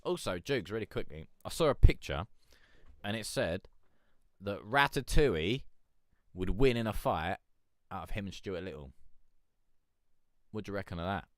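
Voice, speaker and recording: A man's voice: fairly low pitch, lively intonation, moderate pace, long pauses, a bit bright, no room sound, studio quality. A man hosting a music review stream, rambling and joking in casual chat. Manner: rambling, joking, swears, laughs a lot.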